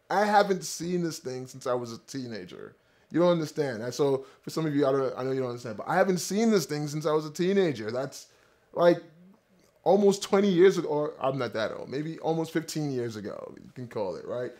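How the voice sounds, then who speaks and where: A man's voice: on the high side, animated, normal speed, a little mellow. A man in his thirties, a company founder, eagerly telling a rambling personal story straight to his viewers. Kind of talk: casual storytelling to camera.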